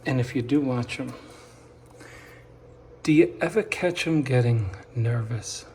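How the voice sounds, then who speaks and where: A middle-aged man installing wallpaper, chatting casually and dropping into hushed asides as he works. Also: mid-range voice, a little slow, slight background noise. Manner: chatty, drifts into hushed asides while working. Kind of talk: casual how-to chat while working. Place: room being wallpapered.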